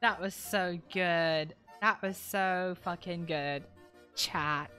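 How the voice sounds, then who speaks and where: A woman's voice: on the low side, slow, sharp tone, soft background music. A woman streamer chatting casually with her viewers, laid-back and swearing freely.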